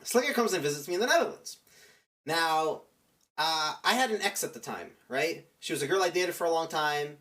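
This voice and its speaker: A man's voice: a little high, expressive, moderate pace, a bit bright. A young man streamer telling a rambling story in casual chat, full of "like" and restarts.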